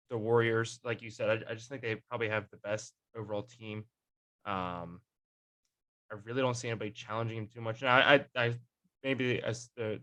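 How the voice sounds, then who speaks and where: Bright-voiced young man hosting a podcast. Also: lowish voice. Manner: rambling, many fillers and restarts. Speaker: podcast host. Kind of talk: casual sports chat.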